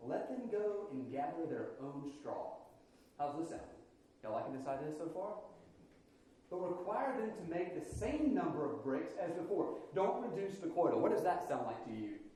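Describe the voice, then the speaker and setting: A man preaching in a church sanctuary, his voice swooping up and down with lively energy. The tone is mellow and relaxed, and the talk is loose and playful, full of asides to the congregation. Everything rings in a very echoey hall. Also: a little high, normal speed, a little hiss or hum. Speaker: pastor. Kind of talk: sermon.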